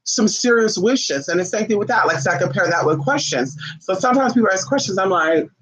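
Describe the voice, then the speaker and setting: High, bright-voiced blunt man livestreaming. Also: brisk, poor audio. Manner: blunt, profane and animated, acting out callers' questions. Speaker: spiritual advisor greeting livestream viewers. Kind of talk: casual livestream monologue.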